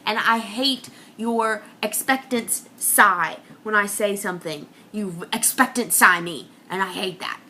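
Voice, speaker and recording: Bright-voiced woman ranting comically. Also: a little slow, few pauses, a little hiss or hum. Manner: ranting, self-mocking, swings between whispers and high outbursts. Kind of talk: confessional comic monologue.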